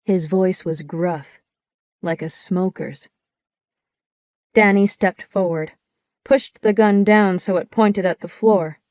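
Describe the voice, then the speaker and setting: A woman reading a first-person audiobook in a measured, descriptive storytelling manner, recorded on a close studio microphone. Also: lowish voice, darkish tone, dry recording. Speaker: audiobook narrator.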